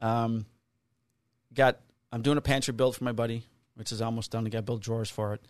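A man's voice: medium pitch, steady tone, brisk, clean tone, dry recording. A middle-aged man on a podcast, casually telling a work story, swearing freely and acting out the people he quotes in a raised voice. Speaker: podcast co-host, police officer.

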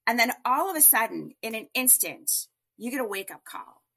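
Woman guest, gravelly and bright, emphatic storyteller. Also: fairly high pitch, big pitch swings, moderate pace. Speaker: guest entrepreneur. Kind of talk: personal storytelling.

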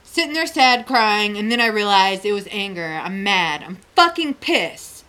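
A woman's voice: mid-range voice, big pitch swings, unhurried, bright, forceful tone. A middle-aged woman co-hosting a talk show, telling a personal story frankly, swearing freely and laughing often. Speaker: podcast co-host. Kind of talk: candid storytelling chat.

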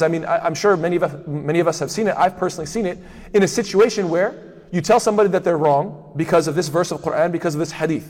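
Man, religious teacher, rapid delivery, rhetorical questions, repeated fillers, long echoing hall. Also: high voice, darkish tone. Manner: asks himself rhetorical questions ("what?"); frequent doubled fillers and restarts. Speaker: Islamic studies teacher. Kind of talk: lecture on hadith.

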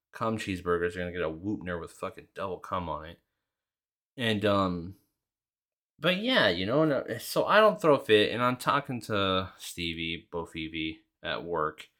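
A man in his early thirties on a podcast, casually telling a story in a profane, ranting way and acting out both sides of the exchange. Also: deep voice. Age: 30s. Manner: profane, ranting, animated retelling. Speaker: podcast host.

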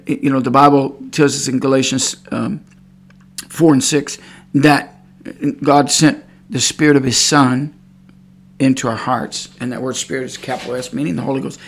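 A man's voice: mid-range voice, a bit bright. A man preaching an informal sermon, rambling and repeating himself, and sometimes growing fervent. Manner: rambling, repeats words, grows fervent and cries out praise.

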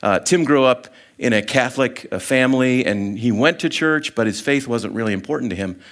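Middle-aged man, guest preacher, loose storytelling sermon, middling pitch, lively, stumbles and restarts. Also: fairly quick. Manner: animated storyteller, acts out voices, many fillers. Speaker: guest speaker.

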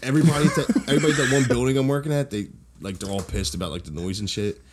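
A man's voice: medium pitch, rapid-fire, heavy background noise. A man co-hosting a casual podcast, telling rambling crude stories and laughing often. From Philadelphia. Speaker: podcast co-host. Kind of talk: casual chat, storytelling.

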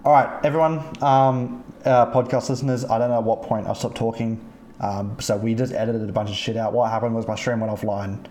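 Profane podcast host in an echoey room. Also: male voice, mid-range voice, fairly quick. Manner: animated, profane, acts out quoted players. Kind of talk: casual storytelling chat.

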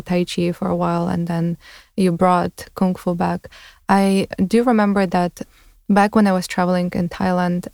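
A woman hosts a podcast in a casual, thoughtful conversation and laughs easily. Her voice sits a little low for a woman. The recording is dry and close. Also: vocal fry, a little mellow, dry recording. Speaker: podcast host.

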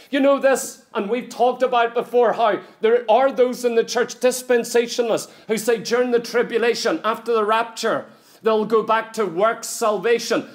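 Preacher, male, high-pitched, emphatic sermon delivery with rhetorical questions. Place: church.

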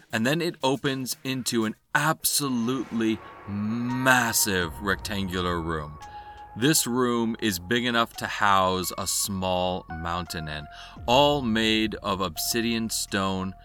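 Low-voiced guy running a tabletop game, lots of ums, quiet music behind. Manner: descriptive, with fillers like uh and um. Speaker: game master.

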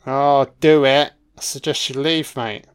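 A man talks his way through a film as it plays, reacting live and cursing freely at the characters. His delivery is slow and unhurried. He talks straight back at the screen as if the people in it could hear him. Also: medium pitch, fairly even intonation, clean tone. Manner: profane, talking back at the screen. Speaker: film commentator.

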